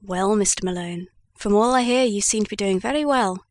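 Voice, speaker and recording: A woman voicing a kindly old male news editor in an audiobook, read in a measured way. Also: medium pitch, close to an everyday voice.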